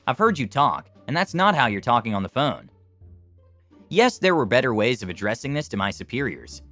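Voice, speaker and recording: A man's voice: mid-range voice, fairly bright tone. A man reading reader-submitted stories aloud as scripted narration.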